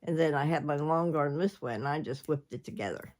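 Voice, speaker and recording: A woman's voice: deep voice, brisk, darkish tone. An older woman, chatting casually to her viewers and jumping from one subject to the next. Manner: rambling, chatty, jumps between subjects. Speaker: vlogger. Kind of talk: casual chat.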